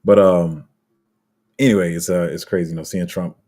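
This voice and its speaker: A man's voice: low voice, fairly even intonation, moderate pace, mellow. A man hosting a crypto channel, talking casually to viewers in a loose, rambling way with many fillers and restarts. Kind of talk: casual unscripted commentary to viewers.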